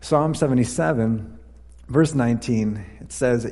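A man's voice: mid-range voice, unhurried, dark tone, breathy edge, long reverb tail. A man preaching a sermon, walking through scripture passages and reading verses aloud, sometimes correcting his own slips. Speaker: pastor.

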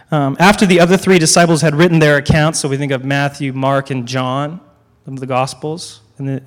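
A man preaching a sermon as a guest speaker, repeating key lines with dramatic pauses and slipping in joking asides to the congregation. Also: mid-range voice, in a large hall.

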